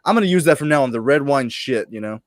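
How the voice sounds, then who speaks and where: A man hosting a podcast, chatting casually and swearing a lot. His pitch swings widely as he talks, and the sound is dry with no room echo. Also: fast talker. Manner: animated, profane, joking. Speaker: podcast host. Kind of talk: casual chat.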